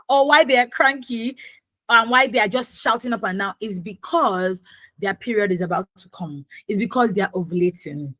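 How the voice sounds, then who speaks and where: A woman's voice: on the high side, expressive, a little fast, fairly bright tone, no echo. Chatty Nigerian woman radio host. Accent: Nigerian, Yoruba-influenced. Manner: chatty, mixes in Pidgin and Yoruba phrases. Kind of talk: casual radio health talk. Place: radio studio.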